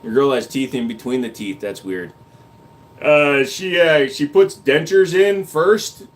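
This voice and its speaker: A man's voice: on the high side, unhurried. Man joking crudely on a livestream. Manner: crude joking banter, reads comments aloud. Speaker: livestream host reading chat. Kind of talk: casual livestream chat.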